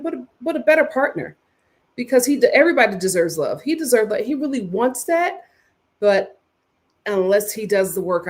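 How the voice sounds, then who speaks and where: A woman vlogger recapping a reality show in a casual, animated, slangy way, with ums and sudden bursts of laughter. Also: on the low side. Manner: animated, chatty, swings between sighs and bursts of laughter; drawn-out slangy storytelling with filler ums. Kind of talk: casual commentary vlog.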